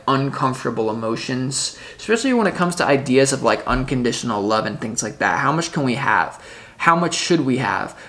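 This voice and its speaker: A man's voice: mid-range voice, fairly bright tone. A man giving a solo tarot reading in a loose, rambling way, often correcting himself mid-sentence. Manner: rambling, self-correcting, spiritual talk. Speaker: tarot reader.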